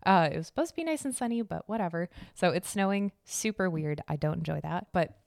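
A woman's voice: fairly low pitch, lively intonation, fairly quick, gravelly, darkish tone, no room sound, studio quality. A young woman from Arizona, a podcast host giving casual life updates, chatty and swearing freely with frequent laughs.

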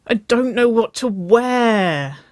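A reader voicing a shy, lovestruck young woman who speaks softly and sheepishly, with a whiny edge. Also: mid-range voice, sing-song, slow, dry recording, studio quality, voice pushed up.

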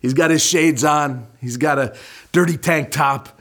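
Man, pastor, sermon, humorous storytelling, slightly high voice. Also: unhurried, a bit bright.

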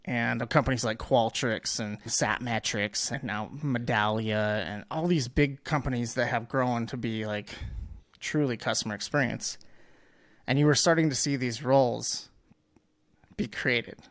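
Gravelly-voiced man, candid guest. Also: medium pitch, unhurried, no echo. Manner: candid and emphatic, with blunt asides. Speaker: guest marketing executive. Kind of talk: casual podcast interview.

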